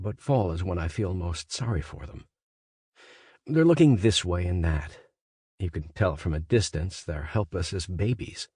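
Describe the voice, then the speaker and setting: A man narrates a literary audiobook in the first person, his voice deep and noticeably husky. He speaks in a measured, conversational monologue, then lifts into sudden emphatic questions. The studio recording is close and dry, with no room around him. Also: darkish tone, no echo. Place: studio booth. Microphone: close studio mic.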